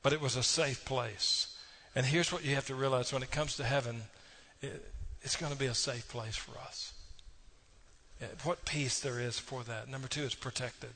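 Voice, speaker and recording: A pastor delivers a sermon in church, telling folksy stories and speaking straight to listeners with little asides. His middle-range voice sounds pushed and bright, with fairly even intonation at a normal speed.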